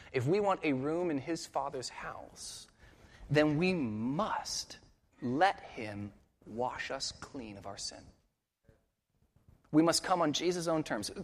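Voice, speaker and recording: A man pastor preaching a sermon with earnest intensity, dropping quiet and rising for emphasis. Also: fairly high pitch, in a large hall.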